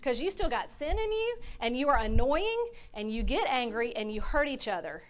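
A woman's voice: high-pitched, very animated, normal speed. A woman teaching a Bible study in an earnest, conversational sermon style. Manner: earnest, heartfelt.

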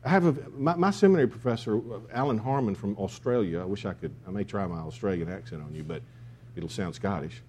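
A man's voice: lowish voice, quick pace, darkish tone, slight background noise. A man preaching a sermon, emphatic, with key phrases repeated. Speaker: pastor.

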